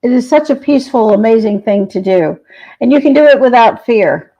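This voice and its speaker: A woman appears as a shaman guest on a podcast, sharing spiritual stories earnestly and with compassion. Her voice is slightly high, expressive and brisk, and the recording has a dull lo-fi quality.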